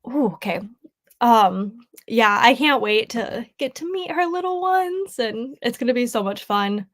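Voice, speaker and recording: A woman's voice: on the high side, expressive, unhurried. A young adult woman hosting a casual crafting livestream from home, chatty and tearful, laughing often and saying "like" a lot as she reads comments. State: tearful, grieving. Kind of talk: casual live chat, reading comments.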